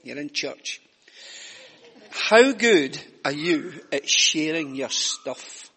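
A man's voice: on the high side, animated, extremely slow, pushed and bright, breathy edge. An older Scottish man giving a chatty, self-mocking children's talk during a church service. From Scotland. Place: church hall. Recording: reverberant church hall.

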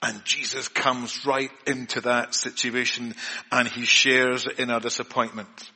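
Earnest preacher in a reverberant church. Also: male voice, medium pitch, little pitch movement, unhurried, pushed and bright, husky. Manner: earnest, repeats words and restarts often. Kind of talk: evening church sermon. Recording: long reverb of a church hall.

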